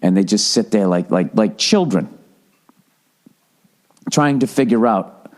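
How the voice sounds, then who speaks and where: A man's voice: fairly low pitch, expressive, unhurried. A man in his forties hosting a podcast, telling a long exasperated story in a casual, profane monologue. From Massachusetts. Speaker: podcast host.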